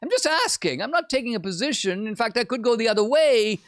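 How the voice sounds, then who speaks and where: Man doing a sly, high, singsong pundit spoof, dry. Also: very animated, fast, a bit bright, no echo, full character voice. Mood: faux-innocent. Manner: sly, falsely innocent, just-asking tone. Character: mock impression of a male pundit.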